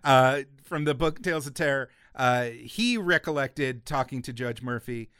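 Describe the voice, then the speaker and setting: A man co-hosting a casual podcast, retelling a comic book story and acting out quoted lines in an animated way. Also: mid-range voice, moderate pace, clean tone, no room sound, clean studio sound. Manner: animated, acts out quoted lines, gets loud and worked up. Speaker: podcast co-host.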